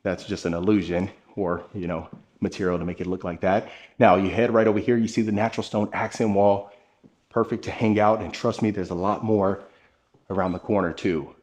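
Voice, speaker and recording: A man's voice: low-pitched, fairly even intonation, a little fast, a little mellow. Upbeat man narrating a house tour. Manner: upbeat, enthusiastic, addresses viewers directly. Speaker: home tour host. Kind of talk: narrated home tour vlog.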